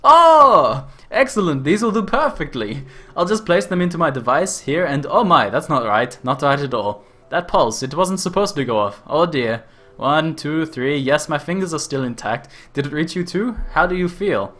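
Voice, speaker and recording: A man reads game dialogue in a high-side, pushed-up, bright and forceful voice, expressive and at normal speed. He plays an eccentric, reckless scientist-inventor with an over-the-top stereotyped Australian accent, fussing excitedly and cackling through the exaggerated quest text.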